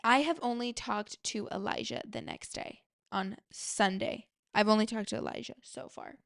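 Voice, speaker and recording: A woman's voice: mid-range voice, very animated, moderate pace, creaky, fairly bright tone, dry recording, clean studio sound. A young adult woman hosting a podcast, telling a story in a chatty way, filling her talk with "like" and speaking straight to her listeners. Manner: chatty, heavy use of "like", addresses listeners directly. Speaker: podcast host. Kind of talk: casual storytelling.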